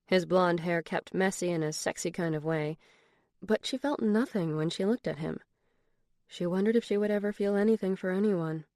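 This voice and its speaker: A woman narrating an audiobook in an even, steady reading voice. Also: lowish voice, no echo, studio quality. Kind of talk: scripted narration.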